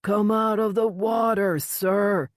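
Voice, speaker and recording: A woman voicing a big male firefighter who speaks loudly and with command in an audiobook. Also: low-pitched, expressive, quick pace, dry recording, clean studio sound. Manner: loud, commanding. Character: brawny male firefighter shouting orders.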